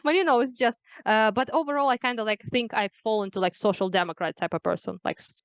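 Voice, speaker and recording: A woman's voice: fairly high pitch, quick pace, dry recording. Chatty young woman from Ukraine. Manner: chatty, laughs often, many fillers. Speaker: guest. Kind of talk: casual conversation.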